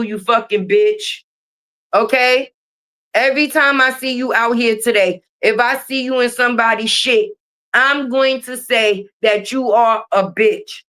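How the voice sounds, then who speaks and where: A young adult woman streamer, ranting on a livestream in a profane, confrontational, animated way. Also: fairly high pitch, moderate pace. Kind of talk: livestream rant. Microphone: streaming mic.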